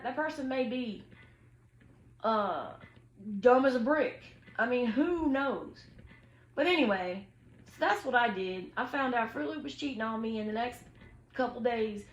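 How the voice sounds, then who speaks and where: A young woman, telling a story to her viewers in an animated, slangy way, acting out what people said. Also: fairly high pitch, roomy sound, rough recording. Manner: animated, slangy, quotes people in lively voices. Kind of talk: casual storytime chat.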